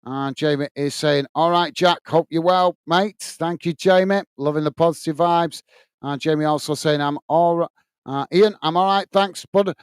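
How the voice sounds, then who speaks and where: A man's voice: on the high side, fairly even intonation, normal speed, clear, resonant tone, no room sound. A middle-aged English man hosting a live football watch-along, commenting on play and reading viewer messages in a blunt, upfront way. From England.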